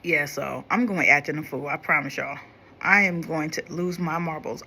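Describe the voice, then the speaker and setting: Young woman, makeup vlogger, bright forward tone, easygoing chatter with quieter focused moments. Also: deep voice, normal speed, slightly rough. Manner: chatty, talks to viewers while applying makeup, drops quieter when concentrating. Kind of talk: casual makeup tutorial chat.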